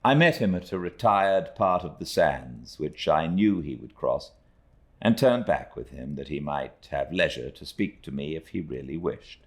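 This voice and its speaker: Very deep, slow male audiobook narrator. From Britain. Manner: measured, expressive storytelling. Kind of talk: unabridged audiobook reading.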